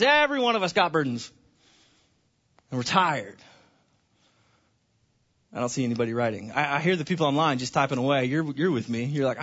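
A man's voice: on the high side, expressive, brisk, long pauses, fairly bright tone, lo-fi sound. A man preaching a Sunday sermon in a church, conversational, often repeating words and restarting phrases. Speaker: pastor.

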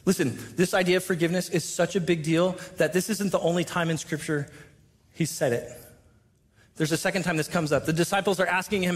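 Male pastor, high-pitched, conversational sermon delivery with dramatic dynamics. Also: quick pace, fairly bright tone. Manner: conversational preaching, reads scripture aloud, dramatic volume swings.

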